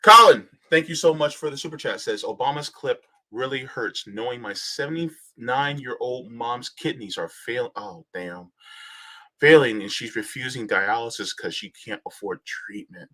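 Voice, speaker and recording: A man's voice: medium pitch, moderate pace, pushed and bright, rough recording. A man giving heated political commentary on a live stream, ranting, sarcastic, and full of rhetorical questions.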